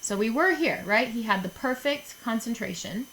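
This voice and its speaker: A woman's voice: on the high side, animated, moderate pace, creaky, a bit bright, poor audio. Chatty woman teacher giving a lesson. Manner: chatty, jokey, often checks in with "okay?". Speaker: chemistry teacher. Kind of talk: recorded lesson for students.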